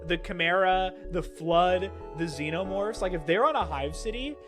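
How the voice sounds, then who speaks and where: A young man livestreaming a game, chatting excitedly and swinging between loud outbursts and low muttering. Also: moderate pace, over music. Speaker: streamer. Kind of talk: live gameplay commentary.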